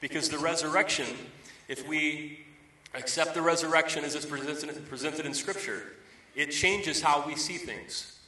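A man in his thirties delivers a conversational sermon in a bright, forward voice. His voice sounds distant and roomy, as if from a mic some way off in a reverberant hall. He tells everyday stories and hammers his points home by repeating key phrases. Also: a little high, a little slow, few pauses. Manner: conversational storytelling, emphatic repetition. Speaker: pastor. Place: church sanctuary.

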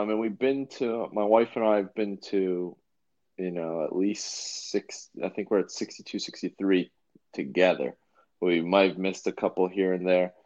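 A man's voice: sits low, darkish tone, dull audio. A man co-hosting a podcast in casual chat, rambling and laid-back with lots of fillers and restarts. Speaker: podcast co-host.

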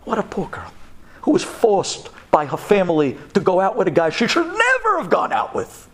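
A man's voice: high-pitched, huge pitch swings, moderate pace. A man, a rabbi, telling a story dramatically and acting out the people in it. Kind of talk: storytelling talk.

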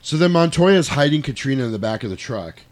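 A man's voice: mid-range voice, a little fast, a crowd in the background. Guy hyped up retelling a movie to his buddy, cussing and laughing. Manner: animated, profane, laughs while telling. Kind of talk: casual chat retelling a movie.

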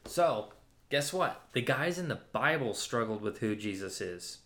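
A man's voice: mid-range voice, lively intonation, a little slow, fairly bright tone. A man giving a casual Bible teaching, talking conversationally with many fillers and restarts. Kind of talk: casual sermon-style teaching. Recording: roomy echoey room.

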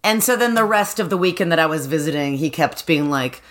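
A woman's voice: low voice, expressive, fairly quick. A woman co-hosting a comedy chat, laughing often and teasing her partner. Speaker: podcast co-host.

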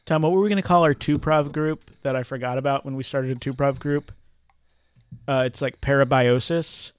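A man's voice: medium pitch, fairly even intonation, moderate pace, smooth. A man guesting on a casual beer podcast in a studio, talking candidly and swearing freely. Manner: candid, swears, explains at length. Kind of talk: casual beer-tasting chat. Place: recording studio.

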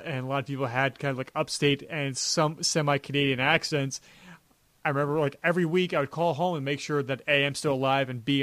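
A young man co-hosts a podcast in loose, rambling chat, circling back with fillers and false starts. His voice sits a bit high and it is recorded close and dry, with no room sound. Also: a bit bright, dry recording. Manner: rambling, many restarts and "like" fillers. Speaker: podcast co-host. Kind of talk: casual chat.

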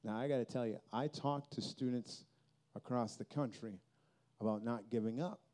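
A man speaks at a Christian youth festival, sharing a personal testimony in an earnest, heartfelt way. His voice is warm and mellow, sitting at an ordinary middle pitch. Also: moderate pace. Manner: earnest, emotional storytelling.

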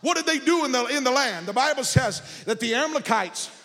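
A man pastor preaching a sermon, building from casual storytelling into shouted and sung phrases. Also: extremely high pitch, animated, fairly quick, in a large hall, soft background music. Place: church sanctuary.

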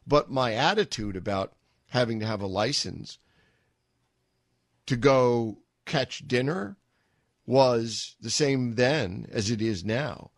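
A man's voice: medium pitch, takes it slowly, no room sound. A middle-aged man hosting a talk radio show, telling a rambling story with wry asides into a studio microphone.

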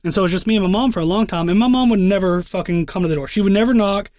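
Fast-talking high-voiced young man. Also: a little mellow, no echo, studio quality. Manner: profane, rambling storyteller. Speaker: podcast co-host. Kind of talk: casual podcast chat.

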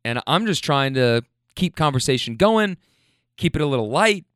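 Man, slightly high voice, rambling, profane, casual storytelling. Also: lively intonation, moderate pace, a bit bright, smooth, dry recording, studio quality. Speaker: rideshare driver.

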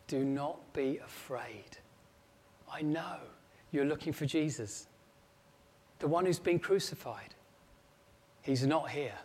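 A man speaking as a mighty angel, slow and solemn, starting hushed. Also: on the high side, husky. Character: mighty glowing angel, calm and commanding. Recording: long echo of a large hall.

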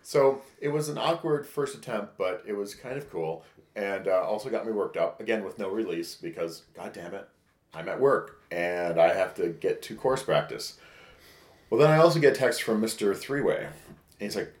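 A man with a fairly low voice tells a candid, rambling story in a casual podcast chat and acts out the lines of each text he quotes. His voice rings around a roomy, echoey space. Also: animated, normal speed. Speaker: podcast co-host. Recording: echoey room.

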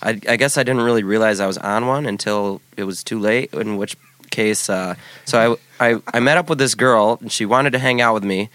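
A man in his forties telling a personal story in casual chat, halting often with restarts and fillers. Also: lowish voice, fairly bright tone, no echo. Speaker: podcast guest.

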